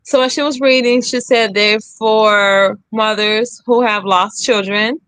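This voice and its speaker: A woman's voice: medium pitch, fairly even intonation, slow, fairly bright tone, smooth, dry recording. A young woman candidly telling her own story, re-enacting the lines of others with emphasis. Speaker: guest sharing her story.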